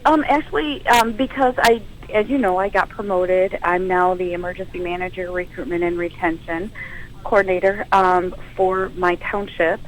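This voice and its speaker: A woman's voice: lowish voice, moderate pace, rough recording. A woman in her thirties, a firefighter and paramedic, telling her story as a guest in a radio interview. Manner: storytelling, emotional, animated quotes.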